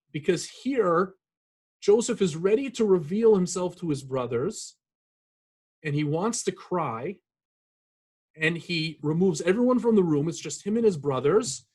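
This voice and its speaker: A rabbi giving an earnest, reflective sermon, pausing often with fillers and restarts. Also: male voice, high voice, darkish tone, slightly rough. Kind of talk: sermon with scripture reading.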